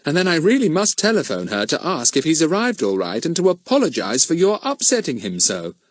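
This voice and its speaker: A man's voice: a little high, huge pitch swings, brisk, no echo, studio quality, pitched above the performer's own voice. Man voicing a prim, fussy mother. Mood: stern. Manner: prim and fretful. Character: proper, fussy middle-aged mother.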